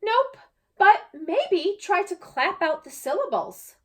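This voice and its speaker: A woman voicing a helpful young schoolgirl who explains things slowly in a storybook reading. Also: very high voice, big pitch swings, voice pushed up, full character voice.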